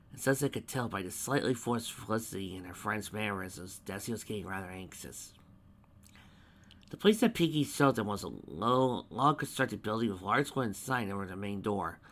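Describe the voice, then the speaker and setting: A man reading fan fiction aloud, his pitch swinging up and down a lot, stumbling and restarting words now and then, sounding like an amateur reader at home rather than a polished narrator. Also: fairly bright tone. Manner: halting reading with frequent restarts.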